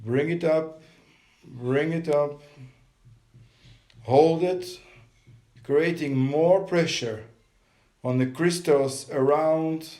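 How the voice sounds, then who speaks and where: A man leading a guided meditation, giving calm step-by-step breathing instructions. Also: fairly high pitch, extremely slow, long pauses.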